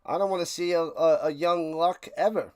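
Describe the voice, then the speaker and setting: A man's voice: on the high side, fairly even intonation, normal speed, a little mellow, clear, resonant tone. A man hosting a live game watch party stream, calling plays and ranting sarcastically to his chat. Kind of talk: live play-by-play and casual rant.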